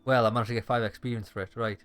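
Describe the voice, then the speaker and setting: A man's voice: medium pitch, steady tone, rapid-fire, fairly bright tone, faint music behind. Sweary man reading a game aloud. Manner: sweary, sarcastic asides. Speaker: gaming streamer. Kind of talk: let's-play reading and commentary.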